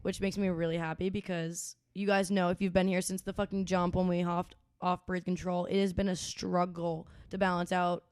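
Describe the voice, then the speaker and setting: A woman's voice: fairly low pitch, flat delivery, moderate pace, hardly any pauses, darkish tone, clear, resonant tone, dry recording, studio quality. A woman in her twenties co-hosting a casual podcast, talking loosely with lots of "dude" and "like" and some swearing. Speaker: podcast co-host. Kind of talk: casual chat.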